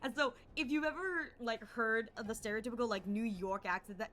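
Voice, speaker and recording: A young woman chats on a gaming livestream in a slightly high voice, rambling from topic to topic and breaking into laughter. A faint hiss hangs under her voice. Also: a little fast, fairly bright tone.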